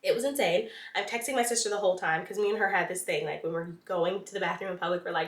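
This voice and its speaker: A woman's voice: mid-range voice, animated, quick pace, few pauses, fairly bright tone, roomy sound, far from the mic. A woman vlogger telling a dramatic storytime in casual chat, full of slang and playful asides.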